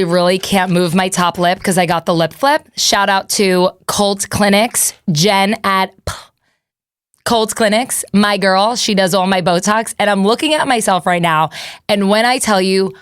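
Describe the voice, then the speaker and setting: A woman's voice: medium pitch, fairly bright tone, clean tone, dry recording, clean studio sound. A woman in her thirties hosting a podcast, rambling and self-deprecating in casual chat. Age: 30s. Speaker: podcast host.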